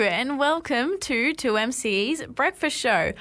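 A woman's voice: high-pitched, animated, unhurried, fairly bright tone, soft background music. Upbeat woman radio host. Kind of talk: community radio presenting and weather read.

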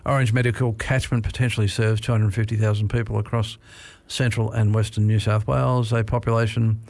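A man's voice: fairly low pitch, darkish tone, no room sound. A man presenting a talking newspaper show on community radio, reading an article with frequent "uh" and "um" fillers. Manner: hesitant, with many "uh" and "um" fillers. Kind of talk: hosting a talking newspaper program.

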